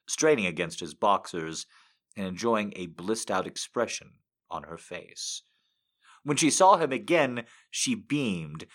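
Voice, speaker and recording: A man with a lowish voice reads a story aloud on his own show. His delivery is lively and full of pitch movement, swinging between hushed and loud. He sounds animated and eager. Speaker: reader and live show host. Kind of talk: reading a story aloud, then casual sign-off.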